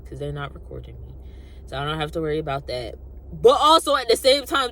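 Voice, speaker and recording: A young adult woman casually telling a personal story, animated and colloquial, acting out what people said. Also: deep voice, a little fast. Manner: animated, acts out quotes, colloquial. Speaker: vlogger.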